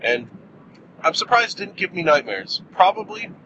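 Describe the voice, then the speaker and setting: A man's voice: high-pitched, big pitch swings, moderate pace, highs cut off, noisy background. A man giving a casual, rambling film review, joking and filling gaps with lots of "uh"s. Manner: rambling, jokey, many fillers. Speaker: movie reviewer host.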